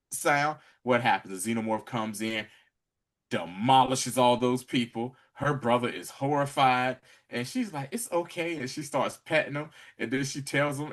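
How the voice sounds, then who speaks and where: A man co-hosting a casual podcast, retelling an episode with lots of laughter and acted-out lines. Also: mid-range voice. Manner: animated storytelling, acting out characters' lines; laughs often while talking. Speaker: podcast co-host. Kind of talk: casual recap chat.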